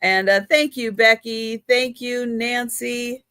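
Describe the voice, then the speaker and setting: A woman's voice: a little high, fairly even intonation, slow pace, sharp tone, clean tone, no room sound. A woman hosting a live online auction, chatty and laughing at her own slips. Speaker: live sale host.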